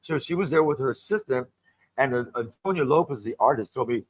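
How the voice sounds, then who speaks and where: An older man, a guest performer, telling animated, gossipy show-business stories in casual chat and acting out the people he quotes. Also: medium pitch, fairly quick, no room sound, low-quality recording. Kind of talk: casual storytelling. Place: radio studio.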